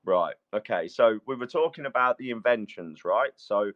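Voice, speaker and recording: A man's voice: fairly low pitch, animated, moderate pace, a bit bright. A middle-aged British man in a heated live audio debate, blunt and combative, who keeps complaining about being interrupted. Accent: British English. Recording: dull lo-fi call audio.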